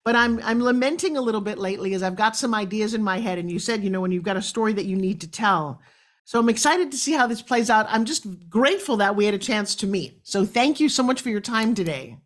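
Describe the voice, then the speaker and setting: A woman's voice: mid-range voice, fast talker. A middle-aged woman from New York hosting a talk show, enthusiastic and chatty as she tells stories. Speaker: host.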